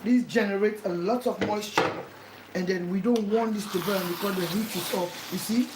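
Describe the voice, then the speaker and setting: In an echoey home kitchen with frying going on, a woman demonstrates a dish for the viewer, explaining each step and repeating her instructions many times. Her voice is medium-pitched and her pace normal.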